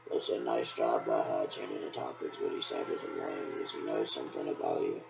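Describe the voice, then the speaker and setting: A man's voice: rumbling low, fairly quick, vocal fry, over music, poor audio. A man in a rambling, repetitive monologue that loosely strings thoughts together, recorded on a laptop webcam.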